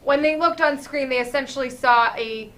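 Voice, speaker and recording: High, bright theatrical woman. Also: moderate pace, slight background noise. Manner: theatrical, grand, self-important mock diva. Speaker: co-host, actress in sketches. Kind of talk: playful improv comedy banter.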